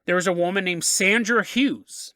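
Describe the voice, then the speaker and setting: A man hosts a podcast and tells a story in a loose, jokey way, wandering into asides. His voice is bright and lively, and his pitch moves a lot. The sound is dry and close, with no room around it. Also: moderate pace, no echo. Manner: jokey, rambling, laughs at his own asides. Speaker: podcast host.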